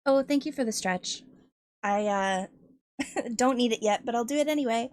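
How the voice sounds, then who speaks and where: A woman's voice: a little high, normal speed, dry recording, studio quality. A woman streamer chatting casually with her viewers, giggling often and hesitating with lots of ums. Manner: giggly, laughs often between phrases; hesitant, many ums and restarts, admits nervousness.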